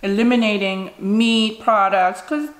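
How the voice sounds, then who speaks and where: This thirtysomething mukbang vlogger eats and chats casually, giving frank advice peppered with "you know." Her medium-pitched voice is fairly even and a little slow, and the recording comes from an echoey room with faint noise.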